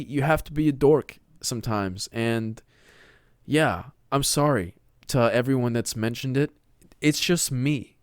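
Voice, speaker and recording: A man's voice: mid-range voice, animated, a little slow, no echo, studio quality. A young man from Texas hosting his own podcast, talking alone in a loose, rambling way, full of "dude" and "man", now and then slipping into a showy put-on voice. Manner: rambling, slangy, keeps saying dude and man. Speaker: podcast host. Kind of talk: solo casual monologue.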